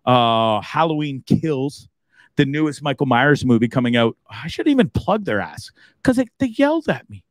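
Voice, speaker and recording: A man hosting a live stream, joking, laughing and swearing freely in a casual, animated way. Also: mid-range voice, moderate pace, no echo. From Canada, Hamilton region.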